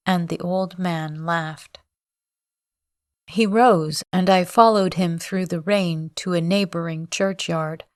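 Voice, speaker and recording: A woman narrating a classic novel as a calm, measured sleep story. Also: on the low side, no echo, clean studio sound. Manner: slow, calm, measured reading. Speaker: audiobook reader.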